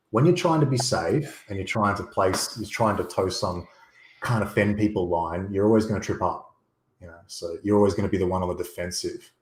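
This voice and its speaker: Deep-voiced blunt man, roomy sound. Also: slight background noise. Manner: emphatic, rambling, blunt. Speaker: guest. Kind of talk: casual livestream chat. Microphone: USB desktop microphone.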